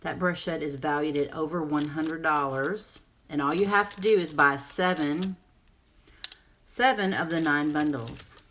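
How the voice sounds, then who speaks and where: A woman's voice: sits low, unhurried, a bit bright, slight background noise. A woman giving a casual live makeup tutorial, chatty and rambling as she answers viewer comments. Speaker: makeup seller and presenter.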